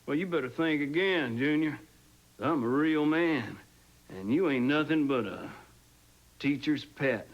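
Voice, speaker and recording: An actor playing a boastful, folksy alter ego with a Southern US accent in a soap opera. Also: male voice, a little high, measured pace, highs cut off, natural voice. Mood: taunting. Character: brash crude Southern alter ego, grown man.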